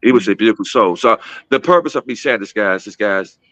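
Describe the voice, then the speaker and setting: A man's voice: lowish voice, lively intonation, a little fast, a bit bright, no echo, highs cut off. A man in his fifties from Gary, Indiana, telling a personal story in a casual, repetitive way, often calling his listeners guys. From Gary, Indiana, USA. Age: 50s. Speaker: guest speaker.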